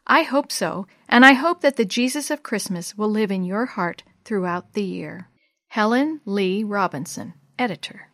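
A woman telling a story to children in a gentle, clear voice. Her delivery is unhurried and kind. The sound is close and dry, with no room echo. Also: mid-range voice, expressive. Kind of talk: reading a story aloud to children.

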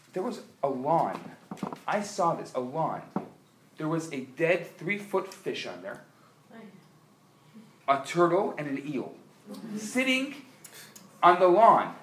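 Impassioned rabbi in an echoey room. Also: male voice, on the high side, slight background noise. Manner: impassioned, rising to loud emphatic peaks. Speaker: rabbi teaching a class. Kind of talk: live lecture. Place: lecture room. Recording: echoey room live recording.

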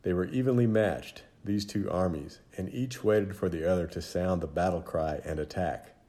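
Male narrator with a deep, mellow voice, measured dramatic reading of a children's Bible story.

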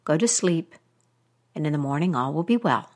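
A woman voicing a magic doll that speaks softly and soothingly. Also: low voice, expressive, moderate pace. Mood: reassuring. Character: magic doll, gentle and comforting.

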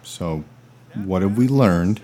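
A man acting in a comedy sketch, with a dry, exasperated deadpan delivery. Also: sits low, slow. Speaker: comedy podcast host.

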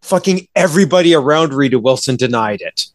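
A man talks in a casual podcast conversation, his voice mid-pitched and recorded dry and close. He rants with growing exasperation, swears freely, and slips into mocking voices for the characters he quotes. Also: animated, fairly quick, no room sound. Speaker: movie reviewer.

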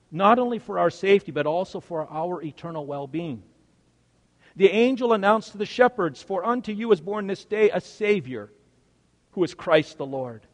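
A male pastor preaching a sermon, swinging from loud, stressed words to hushed, quiet lines. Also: high voice, in a large hall.

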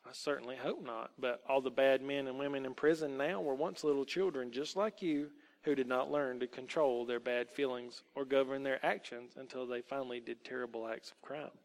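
A man voicing a middle-aged Christian aunt who speaks softly but sternly, gently lecturing a child. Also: medium pitch, moderate pace, hardly any pauses, natural voice. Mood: gently scolding. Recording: long hall reverb.

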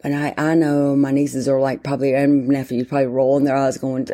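A woman's voice: a bass voice, level tone, a little fast, warm tone. A woman, chatting casually as a podcast host, rambling, interrupting herself and filling gaps with ums. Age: 50s. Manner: rambling, self-interrupting, many fillers. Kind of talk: casual solo chat.

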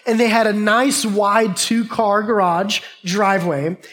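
A man's voice: high-pitched, steady tone, unhurried, fairly bright tone. A man delivering a sermon through a personal childhood story. He tells it with humor and animation, talking straight to the congregation. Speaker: pastor.

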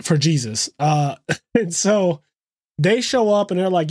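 A man co-hosting a podcast, retelling scenes in a casual, animated way with quick asides. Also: sits high, no echo, clean studio sound. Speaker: podcast co-host. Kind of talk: casual chat.

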